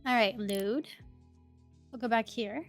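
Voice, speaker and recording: Chatty high-voiced woman streamer. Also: slow pace. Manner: chatty, amused, reads game text aloud. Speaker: game streamer. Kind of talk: casual let's-play commentary. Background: faint lo-fi music.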